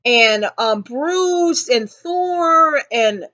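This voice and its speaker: A woman's voice: high voice, animated, extremely slow, fairly bright tone, dull audio. A woman vlogger rambling emotionally about a film she just saw, repeating herself often. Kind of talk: casual movie reaction ramble.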